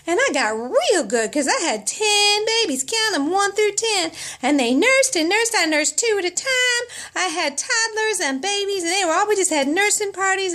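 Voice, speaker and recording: A woman's voice: very high voice, a bit bright. A middle-aged woman, telling a comic personal story in a folksy, dramatic way.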